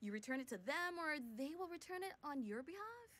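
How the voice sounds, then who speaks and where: A woman's voice: sits high, big pitch swings, fairly quick, fairly bright tone. A woman voicing a gossipy young woman with a catty, chatty, sarcastic manner, as a game character. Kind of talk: game voice acting.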